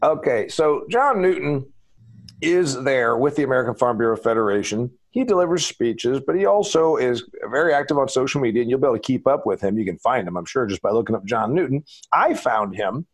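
A man's voice: mid-range voice, expressive, brisk. A man hosting a farm business podcast, talking in a chatty, emphatic, folksy way. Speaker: podcast host. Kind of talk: casual podcast chat.

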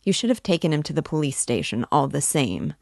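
A pushy man in a long coat, read by a woman, cuts in with insistent demands. The voice is slightly gravelly, recorded dry and close. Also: low-pitched, big pitch swings, brisk, a little mellow, no echo, exaggerated voice. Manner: insistent, abrupt interjections.

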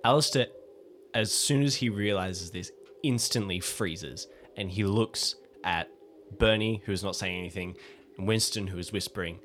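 A man's voice: low voice, moderate pace, a bit bright, slight background noise. A man playing a tabletop game, casually describing what his character does, with hesitant fillers. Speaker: player.

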